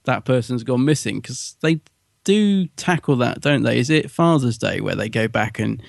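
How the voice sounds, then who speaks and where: A man's voice: medium pitch, expressive, normal speed, gravelly, no echo, studio quality. A man co-hosting a podcast, chatting enthusiastically and conversationally. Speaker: podcast co-host. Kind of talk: casual chat.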